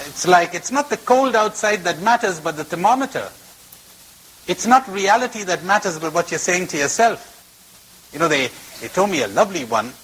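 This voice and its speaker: This spiritual teacher, whose fairly high voice is a bit bright and husky, tells stories to a retreat audience and repeats phrases for emphasis, his delivery varying in stress. The recording is low quality, taken from old tape.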